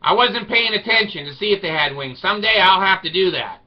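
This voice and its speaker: In a slightly dull lo-fi recording, a video blogger talks to camera in a loose, rambling monologue with a wry, irreverent edge. His voice sits high and sounds animated, and he speaks fairly quickly.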